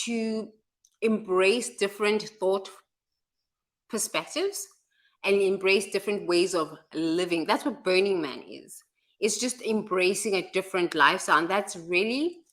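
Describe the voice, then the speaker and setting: Bright-voiced woman, laughing. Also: mid-range voice. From South Africa. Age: adult. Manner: frank and lively, laughs often, swears casually. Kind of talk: candid storytelling chat.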